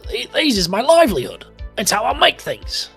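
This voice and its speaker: A squeaky, swearing old gnome tinkerer, put on by a man, high and panicky. He whines and wheedles like a coward cornered in a tabletop fantasy game. The voice is bright and thin. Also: wildly swooping pitch, normal speed, creaky, breathy edge, soft background music, full character voice. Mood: wheedling.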